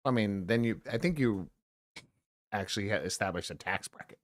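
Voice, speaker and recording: A man's voice: lowish voice, moderate pace, dry recording. A man with an American accent co-hosting a podcast, chatting casually in a joking, rambling way. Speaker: podcast co-host. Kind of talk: casual chat.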